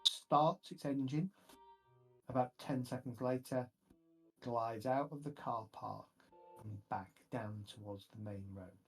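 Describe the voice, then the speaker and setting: A man narrating a tabletop horror game as game master, describing scenes slowly and carefully. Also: medium pitch, a bit bright, poor audio. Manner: slow, measured scene narration. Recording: faint music behind.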